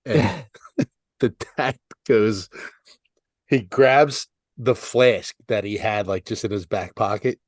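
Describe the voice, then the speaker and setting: A man's voice: lowish voice, slow, dry recording, studio quality. A man co-hosting a podcast in casual chat, laid-back, swearing freely and saying "like" and "dude" a lot. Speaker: podcast co-host.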